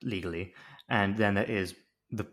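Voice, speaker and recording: Brief: low-pitched male podcast co-host, rambling and jokey, fond of mock-lecture bits. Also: steady tone, moderate pace. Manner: jokey, rambling, swears, does mock-pompous explaining bits. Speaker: podcast co-host recapping a TV show. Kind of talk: casual chat.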